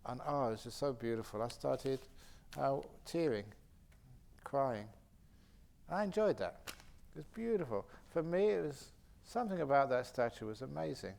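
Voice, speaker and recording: Animated storytelling monk, man. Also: medium pitch, moderate pace, creaky. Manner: animated anecdotal storytelling with frequent laughter. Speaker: Buddhist monk and meditation teacher. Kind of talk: retreat question-and-answer talk. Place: meditation retreat centre hall.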